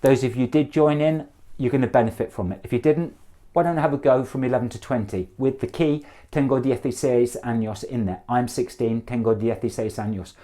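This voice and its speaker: In a mid-range voice with fairly even intonation, a middle-aged English-accented Spanish teacher drills numbers for his class to repeat, keeping things brisk, encouraging and lightly joking.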